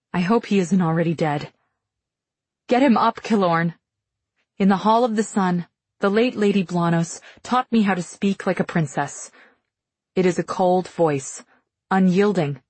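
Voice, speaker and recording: A woman's voice: fairly low pitch, darkish tone, breathy edge, no echo. A woman reading an audiobook in tense first-person narration.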